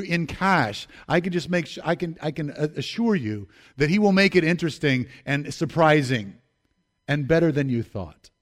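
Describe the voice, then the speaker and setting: Emphatic and direct with his congregation, this pastor repeats key phrases throughout his sermon. His male voice runs on the high side.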